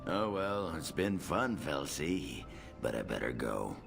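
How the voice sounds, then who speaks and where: A boozy, crude dwarf brawler from a fantasy game, his voice sunk to the very bottom of the range and rough with heavy fry. He swings his pitch widely as he talks. Game music plays underneath. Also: very animated, slow pace, exaggerated voice. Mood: sheepish. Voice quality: very deep gravelly voice. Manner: crude, teasing innuendo. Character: gruff, crude, boozy male dwarf warrior. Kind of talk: video game voice acting.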